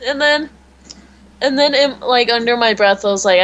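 Teen girl podcast co-host, giggly storyteller, a bit high-pitched. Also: normal speed, fairly bright tone, rough recording. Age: teens. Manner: giggly storytelling, quoting others. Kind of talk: casual chat.

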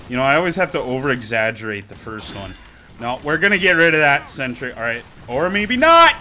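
Lively, bright-voiced man narrating gameplay. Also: a little high, moderate pace. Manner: animated, exclaiming, joking running commentary. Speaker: gaming video creator. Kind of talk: live gameplay commentary.

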